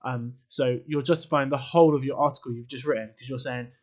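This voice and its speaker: A man's voice: mid-range voice, fairly even intonation, fast talker, a little mellow. Chatty male English teacher. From England. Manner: informal, chatty, quizzes the viewer with asides. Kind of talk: classroom lesson video.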